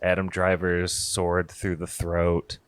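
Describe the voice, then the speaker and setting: A man co-hosting a movie podcast in casual chat, jokey with deadpan silly bits. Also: sits low, slow pace, smooth, dry recording. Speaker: podcast co-host.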